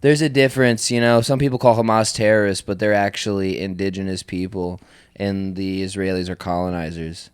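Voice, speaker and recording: A man's voice: sits low, steady tone, a little fast, clear, resonant tone, dry recording, studio quality. A young man co-hosting a comedy podcast, joking in a sarcastic, mock-earnest way. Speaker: podcast co-host. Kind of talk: casual comedy banter.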